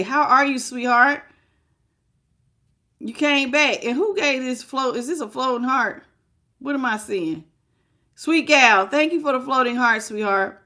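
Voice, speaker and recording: High-pitched, bright, and forceful, this woman's voice carries a live tarot reading stream. She talks directly to the listener, naming viewers as she greets them and calling them sweetheart and baby.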